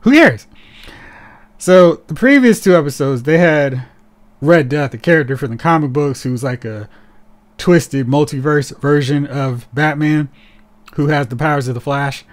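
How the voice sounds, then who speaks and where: Animated sarcastic man on a podcast. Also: fairly high pitch. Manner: animated, sarcastic, quick shifts into mocking voices. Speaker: podcast co-host. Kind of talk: casual chat.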